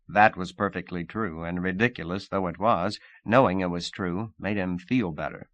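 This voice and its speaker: A man reading an audiobook in a calm, measured way. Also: low voice, dry recording. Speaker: audiobook narrator. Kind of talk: audiobook narration.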